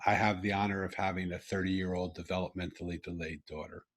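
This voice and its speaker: A husky, fairly low-voiced middle-aged man hosting a podcast from a video call. He tells a personal story earnestly, breaking off and restarting, then pushing hard on key lines. The voice carries a slight rasp throughout. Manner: earnest, halting with restarts, rising to animated emphasis. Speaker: podcast host. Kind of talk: conversational storytelling. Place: home room over video call.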